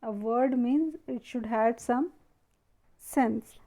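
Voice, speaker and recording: Slow woman teacher. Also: fairly high pitch, warm tone, muffled recording. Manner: slow, asks and answers her own questions. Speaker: primary school teacher. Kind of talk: classroom lesson video.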